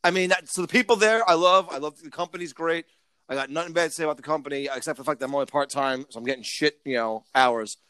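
A man's voice: on the high side, fast talker, bright, forceful tone, clean tone, dry recording. A man in casual chat, ranting with lots of swearing and stammered restarts.

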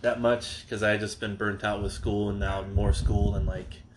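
A man's voice: fairly low pitch, level tone, normal speed, slight background noise, poor audio. A man in his thirties, originally from North Carolina, telling rambling, joking stories as a guest on a casual podcast. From Charlotte, North Carolina. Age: 30s. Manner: joking, rambling storyteller with frequent fillers. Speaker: wrestler guest.

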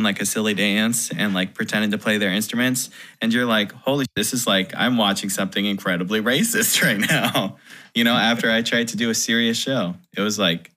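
A man's voice: fairly low pitch, sharp tone. A man, a touring musician, telling a story in casual podcast chat, rambling and full of "like". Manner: rambling, heavy use of "like".

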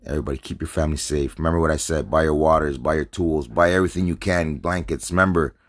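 A man's voice: extremely low pitch, steady tone, quick pace, no room sound, studio quality. A man from North America ranting to his viewers, agitated and profane, rambling and repeating himself while drinking and smoking. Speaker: vlogger. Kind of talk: stream-of-consciousness rant to camera.

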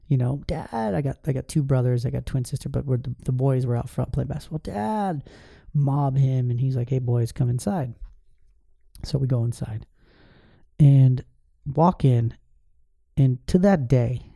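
Gravelly man telling an emotional family story. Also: medium pitch, mellow, no room sound, studio quality. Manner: emotional, candid, halting with repeated restarts. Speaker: podcast host. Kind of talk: personal storytelling monologue.

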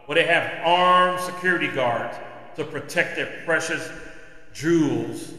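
A man hosting his own podcast delivers a passionate, preachy opinion monologue. His voice is fairly high, pushed and bright, and the echoey room gives it a long reverb.

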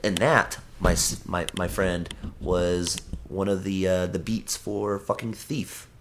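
Guy w a lowish voice rambling on a podcast, swears a lot, keeps restarting. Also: steady tone, slow, background noise. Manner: rambling and profane, with frequent restarts. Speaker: podcast guest. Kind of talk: casual chat.

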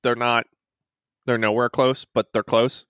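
Bright-voiced man rambling in casual chat. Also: mid-range voice, little pitch movement, unhurried, clear, resonant tone, no room sound, studio quality. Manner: rambling, restarts while searching clips. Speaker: podcast co-host.

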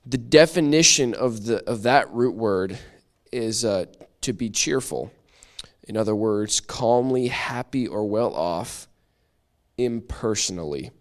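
A man's voice: on the low side, slow pace. A man teaching a Bible study lesson in a chatty, self-deprecating way, often restarting his sentences. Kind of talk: casual church teaching.

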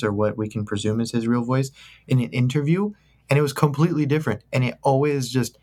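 A young man co-hosting a podcast, talking casually in a joking, rambling, enthusiastic way. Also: mid-range voice. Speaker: podcast co-host. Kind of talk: casual chat.

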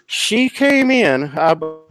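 A man's voice: high-pitched, sing-song, slow pace, fairly bright tone, faint music behind. A man recovering from a leg amputation tells a hospital story in casual, profane chat, acting out the people he quotes. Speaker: podcast host telling a story.

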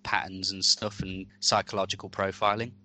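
A man's voice: deep voice, level tone, a little fast, bright, forceful tone, no room sound. A man co-hosting a comedy podcast, chiming in with chatty, explanatory asides. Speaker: podcast co-host. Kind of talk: casual chat.

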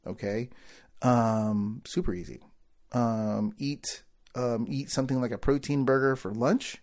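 A man telling a casual story to his viewers, animated and slangy, often saying "dude" and "right?". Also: mid-range voice, unhurried.

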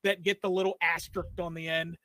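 Man, podcast co-host, high voice, dry close sound, animated rambling chat. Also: fairly quick, no echo, rough recording. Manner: animated, rambling, with many fillers and restarts. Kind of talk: casual wrestling chat.

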